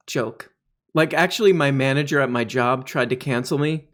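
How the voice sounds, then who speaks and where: A man hosting satirical commentary on video clips. He rambles sarcastically and now and then breaks into shrill mock outbursts. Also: moderate pace, fairly bright tone. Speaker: comedy commentary host.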